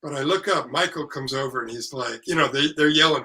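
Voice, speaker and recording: An older man, an actor and author, telling anecdotes in casual conversation, lively and salty, acting out what others said. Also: mid-range voice, a little fast, few pauses, low-quality recording. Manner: lively storyteller, salty language, acts out quotes. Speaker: actor and author, podcast guest.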